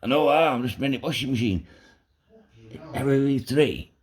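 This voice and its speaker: Excitable swearing man. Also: medium pitch, normal speed. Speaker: vlogger. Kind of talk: casual DIY vlog.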